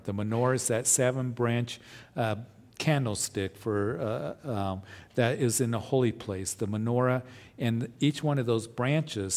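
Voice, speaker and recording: A man's voice: medium pitch, darkish tone. Man preaching with rhetorical questions. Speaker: pastor. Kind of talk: sermon.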